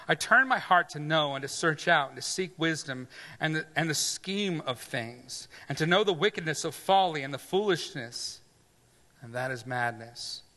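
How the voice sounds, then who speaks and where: A man preaching a sermon in a casual, conversational way, moving from loud emphasis to quiet asides. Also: fairly high pitch, in a large hall. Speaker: pastor.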